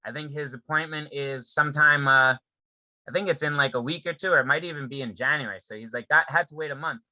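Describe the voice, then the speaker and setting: A man's voice: on the high side, fast, bright, forceful tone, dry recording, highs cut off. A man co-hosting a podcast, talking casually and loosely with fillers, asking pointed questions. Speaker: podcast co-host. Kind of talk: casual chat.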